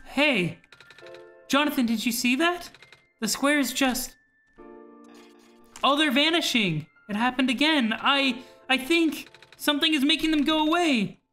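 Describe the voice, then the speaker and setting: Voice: high voice, measured pace, long pauses, sharp tone, voice pushed up. A gamer voicing the earnest child hero of a video game, reading its lines aloud in a pleading way over faint music. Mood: hopeful.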